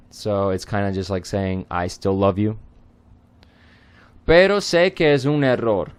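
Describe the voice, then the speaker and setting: Slow, low-voiced man explaining lyrics. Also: darkish tone. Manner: unhurried, hesitant with frequent ums and throat clearing. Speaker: Spanish lyrics tutor. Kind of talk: explaining song lyrics line by line.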